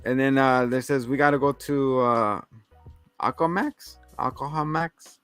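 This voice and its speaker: A man's voice: mid-range voice, steady tone, normal speed, fairly bright tone, smooth, no room sound, soft background music. Rambling man recapping a movie. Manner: rambling, laughing, acts out lines. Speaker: podcast co-host. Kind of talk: casual movie recap chat.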